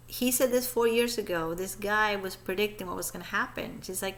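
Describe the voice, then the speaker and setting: A woman's voice: mid-range voice, fairly quick, few pauses. A woman giving chatty, gossipy commentary over a recording she plays.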